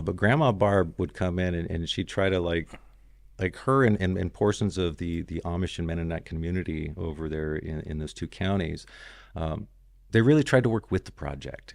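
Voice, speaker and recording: A man's voice: low-pitched, fairly quick, creaky, darkish tone, dry recording, studio quality. A man guesting on a podcast, telling his story in a loose, rambling way full of "you know" and "man". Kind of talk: casual storytelling interview.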